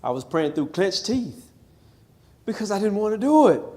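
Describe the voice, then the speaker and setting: A man's voice: high voice, big pitch swings, moderate pace, mellow. Emphatic preacher-like man from Missouri. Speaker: pastor telling his life story. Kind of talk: live testimony talk to an audience. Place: chapel.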